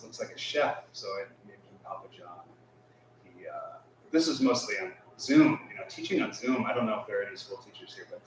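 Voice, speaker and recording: Man, brightish low voice, casual halting talk, distant mic, echoey temple hall. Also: slight background noise. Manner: halting, many fillers and soft laughs. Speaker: guest speaker, schoolteacher.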